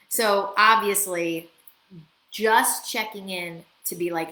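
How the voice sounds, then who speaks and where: A woman hosting a live coaching Q&A, chatty and lively, acting out bits of client dialogue as she answers questions. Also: lowish voice, normal speed. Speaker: business coach and show host. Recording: echoey room with faint ambient noise.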